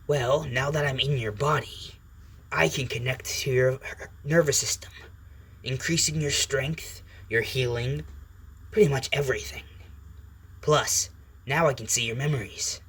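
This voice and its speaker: A sarcastic alien symbiote that drawls its words slowly and talks down to its host, as a man puts it on. The tone is dry and teasing, sitting at an ordinary middle pitch for a man. It is read aloud as part of a fan story. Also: a bit bright, breathy edge, exaggerated voice. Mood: mocking. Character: snarky alien symbiote, blunt and mocking.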